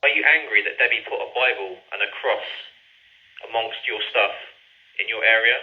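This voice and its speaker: A man, a paranormal investigator, calling out measured, polite questions to spirits and repeating his requests. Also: on the low side, muffled recording.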